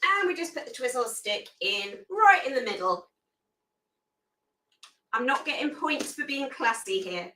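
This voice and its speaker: A woman's voice: high voice, lively intonation, unhurried, long pauses, sharp tone, a little hiss or hum, low-quality recording. A woman hosting a live food photography tutorial, chatty and self-deprecating while she works hands-on.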